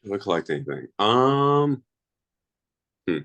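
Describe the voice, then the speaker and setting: Low-voiced, hesitant guest man. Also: very animated, measured pace, a bit bright. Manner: hesitant, thinks aloud with hums. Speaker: league coach and guest. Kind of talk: casual interview answers.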